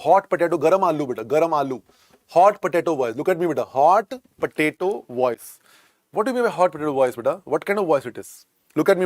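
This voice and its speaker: A man's voice: on the high side, no echo, studio quality. A man with an Indian accent teaching a medical exam class. He drills each term over and over and mixes in Hindi words. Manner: drills terms by repetition, calls students "beta". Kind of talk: classroom lecture.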